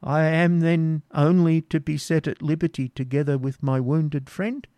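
A man's voice: a little high, steady tone, normal speed, warm tone, no room sound, voice pushed up, lightly acted. Storybook figure: a frightened, stammering old moneylender, put on by a male reader, raised and strained above the reader's own voice, dry close sound. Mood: pleading. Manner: stammering, pleading.

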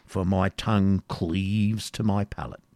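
A man's voice: low-pitched, steady tone, measured pace, a little mellow, no room sound. A man voicing a placid, food-minded noble with a plaintive, mildly complaining manner in an audiobook reading.

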